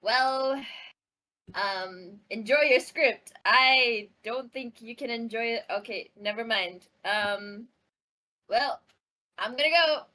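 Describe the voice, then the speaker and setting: A woman playing a tabletop game, talking in a hesitant, halting way. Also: on the high side, bright, forceful tone. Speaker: player.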